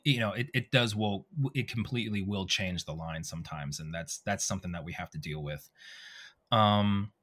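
A man, a voice actor, telling animated stories in a casual interview and acting out quoted dialogue. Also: lowish voice. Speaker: voice actor guest.

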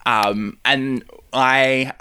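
A man's voice: medium pitch, steady tone, extremely slow, sharp tone, smooth. A young Australian man hosting a podcast, chatting casually with lots of fillers and small laughs. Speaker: podcast host. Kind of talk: casual interview chat.

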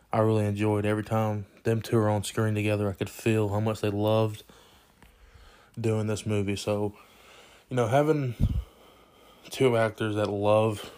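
A young man talks through a movie review in a loose, rambling way, restarting sentences and leaning on "you know." His voice sits low and stays fairly even in pitch, even when he gets excited. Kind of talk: casual spoken movie review.

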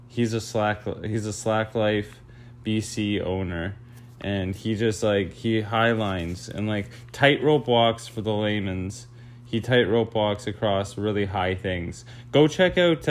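A young man hosting his own podcast, rambling casually, interrupting himself and swearing freely. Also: on the low side. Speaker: podcast host. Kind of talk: rambling solo podcast monologue.

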